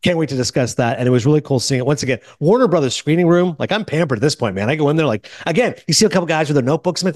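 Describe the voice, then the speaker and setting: A young man hosting a podcast, telling stories in a casual, animated way and retelling conversations. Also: a little high, very fast, few pauses, dry recording, clean studio sound. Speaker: podcast host. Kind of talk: casual chat.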